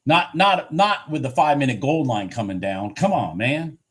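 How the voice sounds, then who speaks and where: Man in mid-pitch range, live trading streamer, annoyed and self-mocking, talks to himself and chat. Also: animated, normal speed. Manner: frustrated, swearing, talking to himself and chat; laughs at himself, repeats phrases. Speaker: livestream futures trader.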